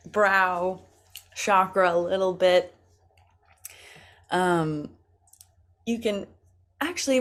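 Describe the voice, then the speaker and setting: Slow, playful woman coaching a warm-up. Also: medium pitch. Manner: playful, laughs often, slow and encouraging. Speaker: acting coach. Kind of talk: guided vocal warm-up over video call. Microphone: video call.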